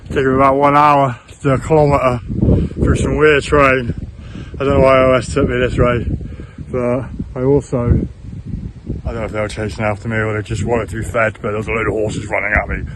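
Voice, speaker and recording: A man from south-west England keeps a rambling, halting hiking diary outdoors, full of fillers and restarts. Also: medium pitch, steady tone. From Plymouth, south-west England. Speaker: hiker and vlogger. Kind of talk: casual spoken hiking diary. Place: outdoors on open moorland and in woodland. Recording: outdoor camera audio with wind noise.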